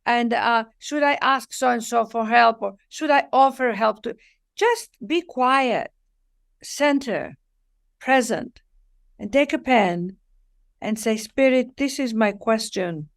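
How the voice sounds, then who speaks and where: A woman's voice: a little high, slow pace, creaky. A woman, a guest author talking about spirit, acting out little dialogues and lingering on key words. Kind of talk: warm spiritual interview talk.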